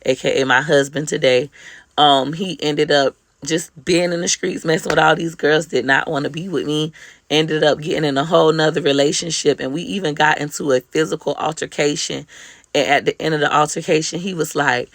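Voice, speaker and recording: Woman with a gravelly voice talking straight to camera, blunt n heartfelt, dry close sound. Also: sits low, fairly even intonation, moderate pace, a bit bright, dry recording. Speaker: mother sharing life advice. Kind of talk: candid personal monologue to camera.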